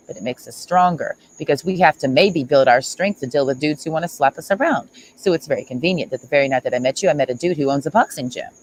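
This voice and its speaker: A woman's voice: sits low, slight background noise, low-quality recording. A woman streamer ranting at someone in a sarcastic, mocking and confrontational way. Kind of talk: livestream rant.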